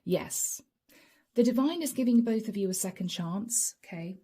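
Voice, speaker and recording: A woman giving a channeled tarot reading, speaking slowly and softly, sometimes dropping into a whisper. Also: medium pitch, lively intonation, breathy edge. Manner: slow, soft, drawn-out delivery with whispered asides. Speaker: tarot reader.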